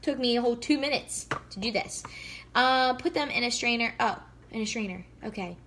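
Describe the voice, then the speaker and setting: A woman's voice: fairly high pitch, brisk, a bit bright, a little hiss or hum. A woman in her thirties chatting casually and bubbly while cooking in her home kitchen, full of fillers. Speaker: fitness vlogger. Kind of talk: casual live cooking chat.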